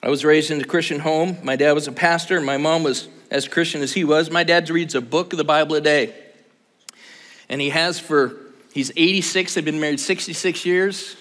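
A man's voice: a little high, a bit bright. A man in his sixties preaching a sermon, talking casually and joking with his audience. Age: 60s. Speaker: pastor. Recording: long hall reverb.

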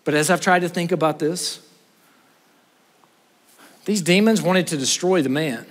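High-voiced preacher in an echoing hall. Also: male voice, unhurried. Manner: animated storytelling, swings from loud to hushed. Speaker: pastor. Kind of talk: sermon. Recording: reverberant hall.

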